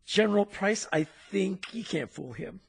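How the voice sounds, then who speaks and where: A man co-hosting a podcast, telling a story in an animated, punchy way with sound effects. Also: sits high, moderate pace, creaky, breathy edge. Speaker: podcast co-host. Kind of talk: storytelling in casual chat.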